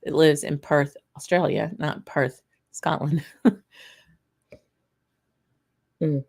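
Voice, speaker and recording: Low-voiced woman hosting a whisky stream. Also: lively intonation, takes it slowly, gravelly, a little mellow, breathy edge. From Louisiana, USA. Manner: chatty and rambling, laughs often, greets viewers. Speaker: host of a whisky livestream. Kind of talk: casual live tasting chat.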